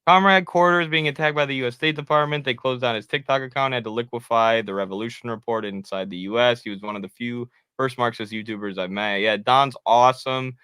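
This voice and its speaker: A man with a bright, crisp voice chats animatedly on a political talk show. His tone is clear and forward, recorded close and dry. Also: mid-range voice, fast talker, few pauses, no room sound. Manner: animated, acts out quotes with laughs. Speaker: co-host.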